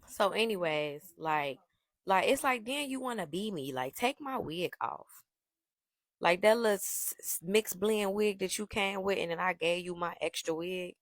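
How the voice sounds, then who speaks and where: A young adult woman telling a story in a brash, profane, animated gossip style. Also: on the low side, moderate pace, no echo. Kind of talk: casual storytime monologue.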